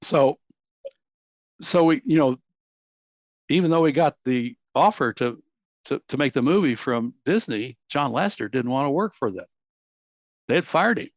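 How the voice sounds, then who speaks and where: A man in his seventies with a Texan accent, telling animated stories as an interview guest and acting out quotes. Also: mid-range voice, normal speed, long pauses, no room sound. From Texas, USA. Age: 70s. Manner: animated, acts out quotes, laughs often. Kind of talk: reflective storytelling. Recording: dull, dry audio.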